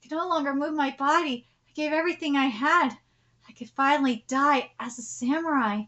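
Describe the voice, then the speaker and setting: A woman voicing a dying young male samurai as she reads from a comic, in a low, quiet, solemn tone. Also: a little fast, dull audio.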